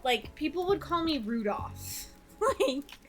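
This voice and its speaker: High, unhurried giggly woman streamer. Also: very animated, a bit bright, soft background music. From Georgia, US. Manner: rambling, giggly, swears casually. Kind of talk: casual chat while doing nail art.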